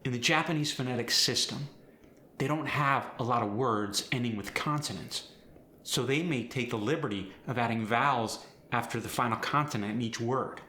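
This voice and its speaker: Bright-voiced man teaching accents. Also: mid-range voice, normal speed, echoey room, slight background noise. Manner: clear, explanatory, step by step. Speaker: accent coach. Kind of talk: instructional lesson.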